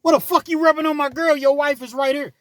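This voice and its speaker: A man voicing an outraged friend who shouts at someone for touching his fiancée. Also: very high-pitched, fairly even intonation, quick pace, no echo, pitched above the performer's own voice. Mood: furious.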